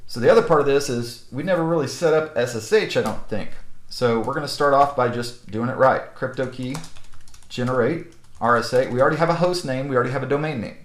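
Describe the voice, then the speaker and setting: A man's voice: medium pitch, a little fast. Casual man teaching in an echoey room. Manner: casual, with frequent "okay?" and "right?" checks. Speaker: network instructor. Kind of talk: screen-recorded technical tutorial.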